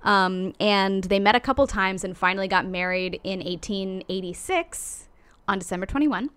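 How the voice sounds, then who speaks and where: A woman's voice: medium pitch, moderate pace, clear, resonant tone. Woman casually telling a life story. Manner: animated, casual, swears lightly, acts out quotes.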